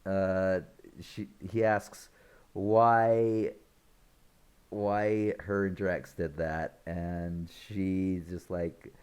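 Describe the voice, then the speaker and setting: A man's voice: sits low, slow, a little mellow, smooth. A man casually recapping a film's plot for his channel, chuckling often as he rambles through the scenes. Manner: rambling, loose retelling with restarts. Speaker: online film reviewer.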